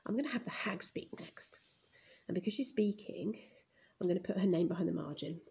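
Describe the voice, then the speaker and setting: Primary teacher, woman, dark gravelly voice, murmurs each word as she writes it on camera. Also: fairly low pitch, brisk. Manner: murmurs and whispers words as she writes them. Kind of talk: recorded writing lesson, narrating while writing. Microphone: phone camera filming the page.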